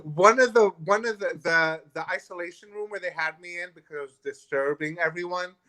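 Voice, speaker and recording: A man in his thirties, a guest in a restaurant, telling a personal story in an animated, candid way and acting out other people's voices. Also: high voice, fairly quick. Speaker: guest author.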